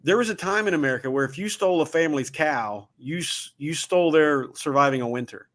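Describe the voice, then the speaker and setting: Brief: male show host, Southern Ohio accent, a bit higher voice, chatty and folksy storyteller. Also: fairly quick, fairly bright tone. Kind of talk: casual livestream talk.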